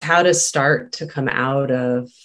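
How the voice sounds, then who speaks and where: An interview host with a mid-pitched voice who asks questions gently and reflectively. The pace is thoughtful and the manner stays calm. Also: slow.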